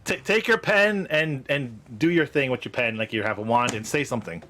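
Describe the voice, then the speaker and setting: A man running a tabletop game as game master, telling the scene in a playful, animated way. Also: mid-range voice, fairly quick, slight background noise.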